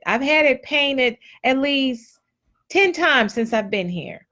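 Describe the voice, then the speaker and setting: Slow, blunt preachy woman host. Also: on the high side, animated, a bit bright. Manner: preachy and blunt, colloquial, repeats phrases. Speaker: host of a live motivational stream. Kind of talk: casual motivational talk.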